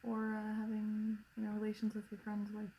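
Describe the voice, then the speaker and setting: A woman co-hosts a podcast in loose, casual chat, giving blunt and quick reactions. Her voice is husky and breathy, with a gravelly fry running through it, and she sits at a middle pitch. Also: monotone, mellow, rough recording. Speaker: podcast co-host.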